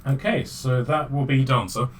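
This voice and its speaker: Casual game master with faint noise. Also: male voice, mid-range voice, normal speed. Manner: casual, hesitant with many fillers. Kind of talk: narrating a tabletop game.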